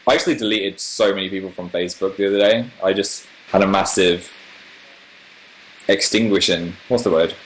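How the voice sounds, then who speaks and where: A young man from northern England in his twenties, chatting on a livestream with a somewhat low voice. He answers viewer comments in a rambling, animated, casual way, like a YouTuber host talking straight to his fans. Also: a little fast, slight background noise, rough recording. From northern England, near Manchester.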